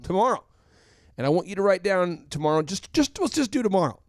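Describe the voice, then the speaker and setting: A man's voice: high voice, sing-song, fast talker, dry recording, clean studio sound. A man hosting a business coaching podcast, joking and acting out little scenes while fighting a cold. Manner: jokey, acts out little scenes in put-on voices. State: has a cold. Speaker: podcast host. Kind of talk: animated business coaching chat.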